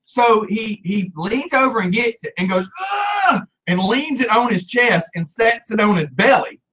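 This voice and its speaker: High bright storyteller man. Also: normal speed, slightly rough. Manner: animated, acts out quoted voices, laughs often. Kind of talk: casual storytelling chat. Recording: dull lo-fi sound.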